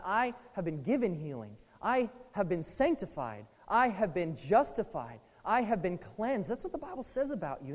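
A young adult preacher giving a sermon, animated, acting out past prayers and thoughts. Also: medium pitch. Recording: long reverb of a large hall.

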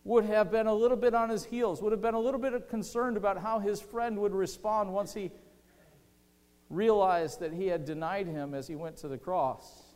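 A man preaching a sermon as pastor, impassioned, swinging between loud outbursts and hushed, tender lines. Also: high voice, steady tone, moderate pace. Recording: reverberant hall.

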